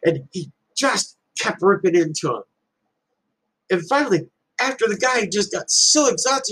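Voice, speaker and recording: A man's voice: sits high, animated, unhurried, a bit bright, breathy edge, rough recording. A man giving an earnest, reflective motivational talk and telling stories to make his point. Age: adult with children. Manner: storytelling, earnest, uses parables. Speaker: speaker giving life advice.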